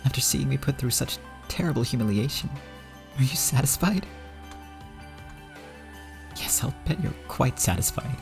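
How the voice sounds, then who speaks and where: A man's voice: mid-range voice, animated, normal speed, creaky, long pauses, over music, voice pushed up. A man reading aloud as a proud middle-aged woman, bitter and anguished, accusing and then pleading. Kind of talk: reading a visual novel aloud.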